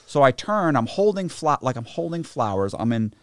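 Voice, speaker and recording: A man telling a story to a podcast host, animated and full of slang and restarts, in a studio. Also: medium pitch, moderate pace, no echo. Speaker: podcast guest. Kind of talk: casual storytelling.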